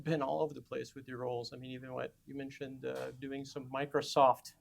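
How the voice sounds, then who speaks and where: A man's voice: medium pitch, flat delivery, a little fast, creaky. A man interviewing a voice actor at a convention and asking friendly, leading questions.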